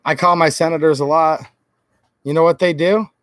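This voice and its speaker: A man's voice: on the high side, fairly even intonation, moderate pace, a bit bright, no room sound. A man from Michigan ranting sarcastically on a late-night political livestream. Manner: ranting, sarcastic, mocks senators in quoted voices. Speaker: political YouTuber.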